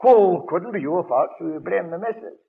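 An older man preaching a sermon on a radio broadcast, telling stories dramatically with sudden loud bursts, on a dull lo-fi old recording. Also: sits high, expressive, moderate pace, gravelly. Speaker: evangelist preacher.

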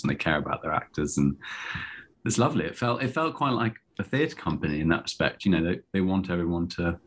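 A middle-aged man, an actor chatting as a guest, self-deprecating and full of restarts. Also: low voice. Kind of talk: casual interview chat.

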